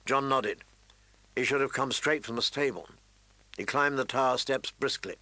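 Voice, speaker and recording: A man narrating a fantasy audiobook in a measured, even storytelling manner. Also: mid-range voice, no room sound, low-quality recording.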